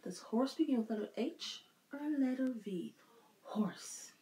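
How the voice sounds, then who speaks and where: A woman's voice: high-pitched, animated, moderate pace, mellow, a little hiss or hum. A woman leading a circle time lesson for young children, asking patient questions. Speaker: preschool teacher. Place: church classroom. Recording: echoey room, faint music.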